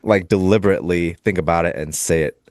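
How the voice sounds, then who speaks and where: Speaking fast in a low voice, this man chats on a live show while trading futures. The studio sound is clean and dry, and his manner is loose and rambling, with frequent laughter.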